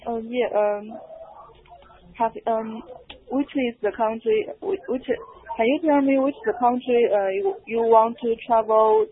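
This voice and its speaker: A woman from China works through an English lesson, hesitant and restarting often. Her voice sits a little high and she talks slowly, over tinny call audio that sounds like a phone line. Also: animated, a little hiss or hum. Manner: hesitant, many fillers and restarts. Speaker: English student. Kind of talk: online language lesson. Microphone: video call.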